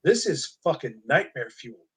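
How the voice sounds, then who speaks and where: Brief: husky male host, sardonic, lively pitch, comic chat. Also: a little slow. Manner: sardonic, swears, stammers. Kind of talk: casual comic review chat.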